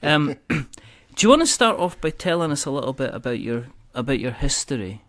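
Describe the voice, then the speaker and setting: A man's voice: mid-range voice, sing-song, brisk, a bit bright. A man hosting a board game podcast, joking and rambling in casual chat. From Scotland. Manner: jokey, rambling, puts on silly voices. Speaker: podcast host.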